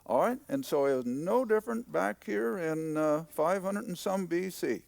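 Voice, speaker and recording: A man's voice: high voice, moderate pace, vocal fry, darkish tone, dry recording. An older man teaching the Bible in a folksy, emphatic way, stressing key points by repeating them.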